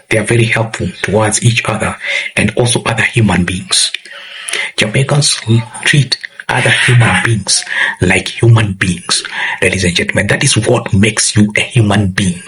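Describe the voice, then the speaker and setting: A man hosting a reaction channel, talking earnestly and emotionally, with a very husky voice and a repetitive, direct way of addressing his viewers. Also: fairly low pitch, fairly bright tone, rough recording. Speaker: channel host reacting to clips.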